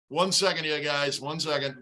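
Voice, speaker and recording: A man hosting a fan livestream, calling plays and ranting at his team in frustrated, shouted commentary. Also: on the high side, steady tone, normal speed. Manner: frustrated, shouting play-by-play and rants. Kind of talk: live fan reaction commentary.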